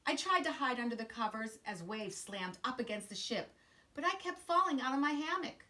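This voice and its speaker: A woman teacher reading a children's picture book aloud in an expressive, sing-song way. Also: high-pitched, normal speed. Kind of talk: children's storybook read-aloud.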